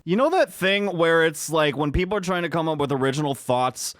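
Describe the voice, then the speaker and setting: Male podcast co-host, clear tone, dry close mic, joking and teasing. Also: on the high side, expressive, a little fast, fairly bright tone, no echo. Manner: joking, mock-judgmental banter. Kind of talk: casual comedic chat.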